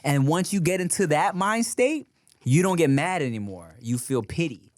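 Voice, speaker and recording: A man's voice: a little high, animated, normal speed, no room sound, studio quality. A man co-hosting a casual podcast, talking in slang and giving strong opinions. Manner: slangy, opinionated, says dog and bruh. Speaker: podcast co-host.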